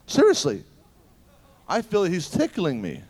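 A male preacher delivering an animated sermon at a church service. His voice sits a little high and moves all over the place. He swings between loud exclamations and quiet, confiding asides as he tells his stories. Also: a little slow, breathy edge.

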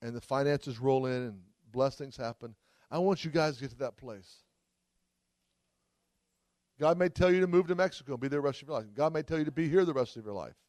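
A man's voice: mid-range voice, a little fast, a little mellow, no echo. Fired-up guy preaching at a church service, dry close sound, keeps saying hallelujah. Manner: fervent, exclaims hallelujah often. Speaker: traveling preacher. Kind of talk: sermon.

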